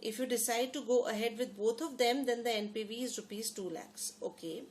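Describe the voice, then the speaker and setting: A woman's voice: fairly high pitch, a little fast, a little mellow. A woman teaching a lesson. She often repeats phrases and puts questions to her students. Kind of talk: lecture explaining to students.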